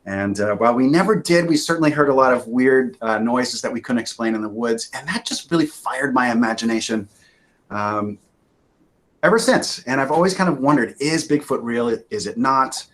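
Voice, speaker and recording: Over a video call, a man who writes children's books and hails from Maine, USA, reads his picture book in a chatty way. He speaks at normal speed with a medium-pitched voice, animated and full of fillers.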